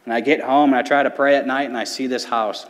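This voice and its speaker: A man's voice: medium pitch, fairly even intonation. A man in his thirties, a youth pastor, telling his personal testimony from a church stage with earnest, paced storytelling. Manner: earnest storytelling with dramatic pauses. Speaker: middle school ministry pastor. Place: church sanctuary. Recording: long church hall reverb.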